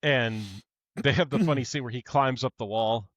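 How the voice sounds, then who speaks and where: A man's voice: mid-range voice, moderate pace, dry recording. A man co-hosting a podcast, casually retelling a film's scenes and acting out its lines. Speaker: podcast co-host. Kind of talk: casual movie recap chat.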